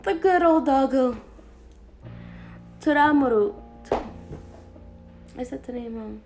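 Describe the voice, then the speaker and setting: A woman talking casually to her viewers in an anime review, chatty and animated, with playful asides. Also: high-pitched, measured pace, faint music behind.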